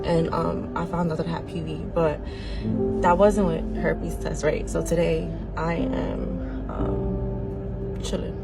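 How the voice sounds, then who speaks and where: Rambling young woman over loud music. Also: deep voice, little pitch movement, takes it slowly, creaky. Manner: rambling, many fillers and "like". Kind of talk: casual storytelling to camera. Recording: loud music playing under the voice.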